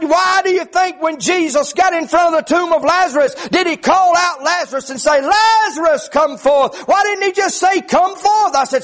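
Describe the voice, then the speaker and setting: This is a middle-aged preacher, and his voice sits very high for a man. He delivers a fervent sermon, often starting phrases with "uh" and rising into shouts at the peaks.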